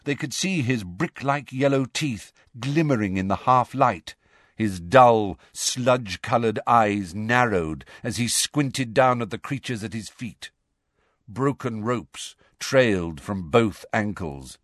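A man narrating a storybook, expressive and varied, doing character voices. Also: on the low side, slow, no room sound, clean studio sound. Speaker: audiobook narrator.

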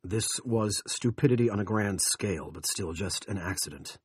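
A man voicing a brisk male official who talks in a clipped, matter-of-fact way. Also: on the low side, husky, no room sound. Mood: businesslike.

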